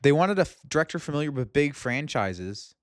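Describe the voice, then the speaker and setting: A man's voice: on the high side, very animated, fairly quick, dry recording. A young man in casual chat about movies, rambling and laughing, often breaking off mid-sentence. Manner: rambling, laughing, self-interrupting. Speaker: movie review youtuber.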